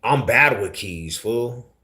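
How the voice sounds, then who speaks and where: A man's voice: mid-range voice, animated, slow pace, pushed and bright. A man with an East Denver accent, hosting a casual livestream and answering viewers in laid-back, slangy talk. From Denver, USA. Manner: laid-back slangy talk, calls people homie and fool. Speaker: livestream host.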